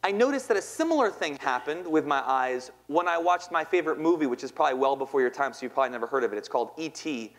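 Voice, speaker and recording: A man in his thirties tells a personal story to a live audience in a fairly high voice. He is playful and chatty, and keeps asking the crowd questions. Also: lively intonation, fast, few pauses. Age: 30s. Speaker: poet and speaker. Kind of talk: spoken-word storytelling talk.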